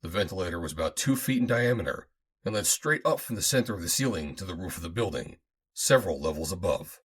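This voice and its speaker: A man reading a first-person adventure audiobook aloud, in a dramatic, expressive manner. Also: low voice, quick pace, breathy edge. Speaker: audiobook narrator.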